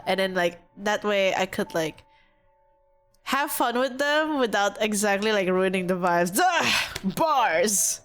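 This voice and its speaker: A woman streaming a game, reacting excitably and translating the scenes out loud in a casual way. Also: medium pitch, slow, faint music behind. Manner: excitable, loud exclamations, giggly.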